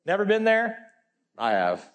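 A man with a high-pitched voice preaches a sermon in a loose, animated style, dropping slang as he goes. He keeps swinging from loud, emphatic peaks down to quiet, low asides. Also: measured pace.

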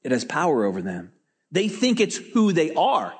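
A man preaching a sermon as pastor, telling stories with lively energy and often repeating words as he starts a phrase. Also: fairly high pitch, moderate pace, slightly rough, long reverb tail.

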